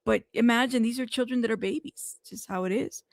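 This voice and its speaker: A chatty woman hosts a casual news livestream, talking to her chat with plenty of fillers. Her voice is fairly high with a gravelly edge, and it sounds close and dry. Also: fast, no echo. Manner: chatty, talks to live chat, many fillers. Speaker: news show host.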